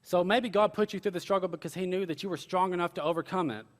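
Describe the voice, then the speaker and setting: A man's voice: high-pitched, quick pace, in a large hall. A young man preaching a sermon, telling stories with earnest, casual asides. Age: young adult. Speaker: pastor.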